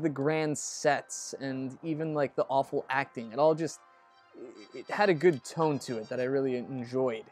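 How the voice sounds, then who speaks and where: Guy doing casual lets play commentary, rambly and chatty, cusses at the game sometimes, middle pitch, faint music in the back. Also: a little mellow. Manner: chatty and rambling, curses under his breath at the game. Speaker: let's play host.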